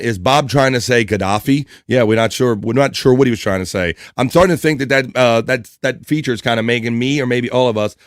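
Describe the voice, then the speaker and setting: A man's voice: mid-range voice, no echo. A man hosting a casual livestream, chatting and reading viewer comments aloud with frequent laughs. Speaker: livestream host.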